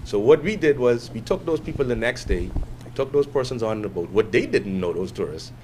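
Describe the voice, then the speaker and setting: A Bahamian man, a guest entrepreneur, tells a story to a class with an animated delivery and acts out the quotes in other voices. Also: mid-range voice, fairly quick, slight background noise. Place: classroom with a live audience.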